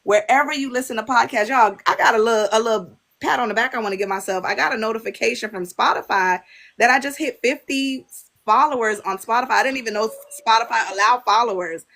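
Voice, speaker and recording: Female podcast host, animated storyteller. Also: fairly high pitch, quick pace, creaky. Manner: animated storytelling, acts out quotes. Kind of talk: casual chat. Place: livestream on a social app.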